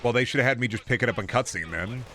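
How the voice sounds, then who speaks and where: A man's voice: mid-range voice, fast talker, pushed and bright, slight background noise. A man streaming a video game, rambling through sarcastic commentary with mock-folksy asides. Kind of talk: casual gameplay commentary.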